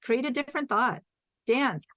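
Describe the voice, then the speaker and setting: A woman's voice: on the high side, expressive, moderate pace, fairly bright tone, no room sound. A woman guest on a podcast telling a personal story in a reflective, earnest way. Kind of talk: casual interview chat.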